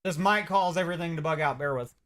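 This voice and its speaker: Young guy streaming a game, bright voice, chatty and yelling now and then. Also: fairly high pitch, fast. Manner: chatty and reactive, with sudden loud outbursts. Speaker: gaming streamer. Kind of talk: live gameplay commentary.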